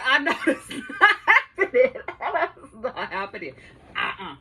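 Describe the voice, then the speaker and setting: Lively thirties woman telling stories. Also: high-pitched, measured pace, husky. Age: 30s. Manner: lively, profane, laughs often. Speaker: podcast host. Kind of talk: casual storytelling to listeners. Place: her home studio.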